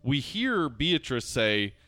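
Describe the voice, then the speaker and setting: A man co-hosting a casual movie review chat, enthusiastic and quick to laugh. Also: medium pitch, no echo. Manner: animated, enthusiastic, laughs often. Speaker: podcast co-host.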